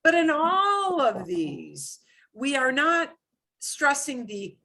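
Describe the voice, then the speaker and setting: A woman teaching a beginners' Spanish class, explaining with emphatic, animated bursts. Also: slow pace, vocal fry. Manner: animated, emphatic explaining with sudden high exclamations. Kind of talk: live classroom lesson.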